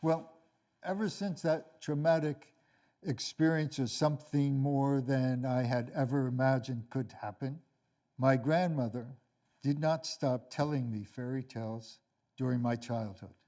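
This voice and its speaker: Older male lecturer, deliberate and wry, very slow delivery at an average pitch. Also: dark tone. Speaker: lecturer, author. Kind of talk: read lecture and storytelling.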